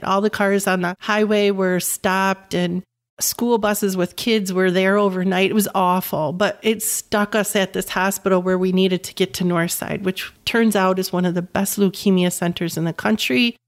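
Earnest, emphatic woman in her fifties. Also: mid-range voice. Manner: earnest and emphatic, repeats words for stress. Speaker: guest, caregiving mother. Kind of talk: personal storytelling in conversation.

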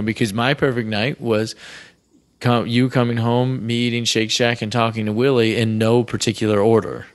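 A man co-hosting a casual couples podcast, talking in a measured, explanatory way and retelling conversations step by step. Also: lowish voice, clear, resonant tone. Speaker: podcast co-host.

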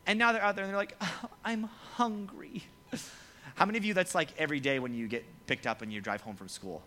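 A young youth pastor preaches a casual, joking sermon to students, speaking very fast in a medium-pitched voice with a little hiss or hum in the audio. He's lively and playful, acting out the voices of the people he quotes.

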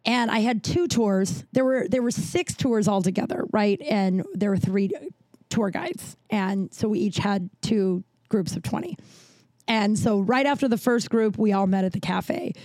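This podcast host speaks unhurriedly in a slightly mellow voice, recorded dry. She tells a story candidly and casually, swears freely, and acts out others' dialogue with large shifts in pitch.

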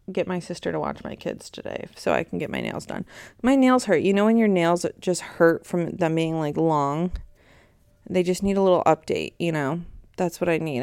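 A woman's voice: lowish voice, darkish tone, smooth, no room sound, clean studio sound. A woman in her thirties hosting a podcast in a rambling, chatty way, easily sidetracked mid-sentence. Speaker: podcast host. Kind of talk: casual chat.

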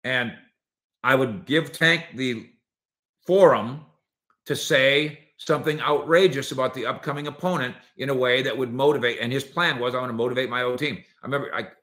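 A man hosting a sports opinion show, talking in an animated, sarcastic way and acting out quotes from players and coaches. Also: mid-range voice, normal speed.

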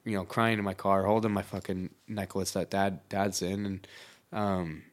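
A man's voice: low voice, flat delivery, moderate pace. Candid man in casual podcast chat. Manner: candid, swears freely, many fillers.

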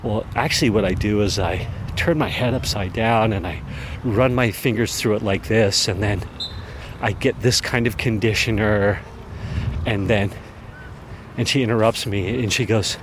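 A man with a fairly low voice spins a casual, animated story for his podcast audience. He chuckles now and then as he talks, with a faint hum of noise behind him. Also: moderate pace. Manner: animated, chuckling anecdote teller. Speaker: podcast host.

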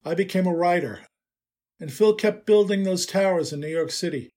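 An older man, a writer, narrating a personal story in a wry, unhurried way. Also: high voice, darkish tone.

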